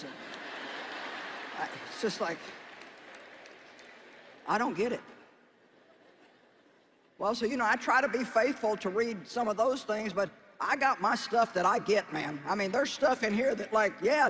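A man's voice: high-pitched, expressive, a little slow, pauses often, a bit bright, in a large hall, a little hiss or hum. A man preaching a sermon in a folksy, conversational way, with emphatic exhortations.

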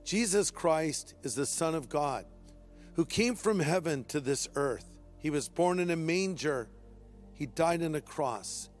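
Pastor preaching in a reverberant hall. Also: male voice, on the high side, lively intonation, unhurried, faint music behind. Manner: emphatic preaching with humorous asides. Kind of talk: sermon. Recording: long reverb of a large hall.

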